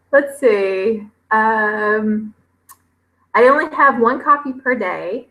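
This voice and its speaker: A chatty woman, reading viewer comments on a casual livestream. Her voice is bright and forward, and she fills her talk with ums and pauses. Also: medium pitch, animated, rough recording. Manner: chatty, with many fillers and drawn-out pauses. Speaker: homestead vlogger hosting a livestream.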